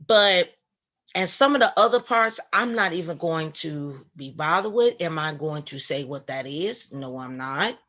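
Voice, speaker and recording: A woman hosting a Christian live stream, greeting viewers by name and talking in a preachy, animated way. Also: low voice, measured pace. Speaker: Christian online show host. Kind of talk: casual live-stream commentary.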